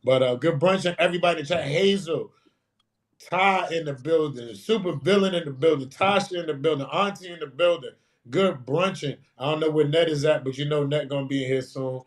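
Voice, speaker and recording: A man co-hosting a podcast from his sunroom, talking loosely and animatedly and shouting out his chat. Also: fairly high pitch, a little fast. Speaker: podcast co-host. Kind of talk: casual chat. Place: sunroom at home.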